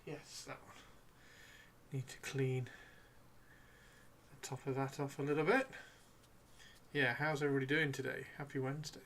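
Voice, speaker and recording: Bright, playful man streaming. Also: medium pitch, level tone, unhurried, long pauses, a little hiss or hum. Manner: rambling, playful, sing-song teasing. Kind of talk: casual live-stream chat while painting miniatures.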